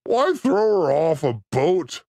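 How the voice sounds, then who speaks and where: A man hosting a livestream, reacting to clips with crude, excitable jokes. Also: fairly high pitch, slow, dry recording, clean studio sound. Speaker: show host reacting to clips. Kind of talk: livestream clip commentary.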